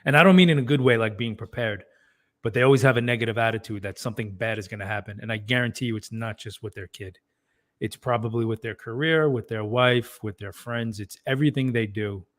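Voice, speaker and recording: Earnest guy co-hosting, medium pitch voice, mocking what-ifs. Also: fairly quick, a bit bright. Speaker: podcast co-host. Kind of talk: casual parenting chat.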